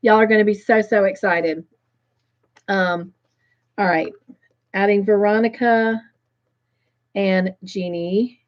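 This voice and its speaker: Lady hosting a crochet stream, bubbly, reads the chat out loud, kinda muffled audio. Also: mid-range voice, slow, long pauses. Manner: excitable and warm, gushing. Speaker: host of a crochet live stream. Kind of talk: casual live-stream chat, reading viewer comments aloud.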